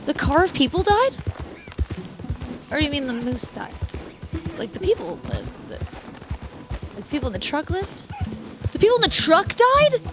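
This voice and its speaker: A woman streaming a game, chatting casually with viewers and reacting loudly. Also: high voice, sing-song, moderate pace, long pauses. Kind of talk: casual gameplay commentary.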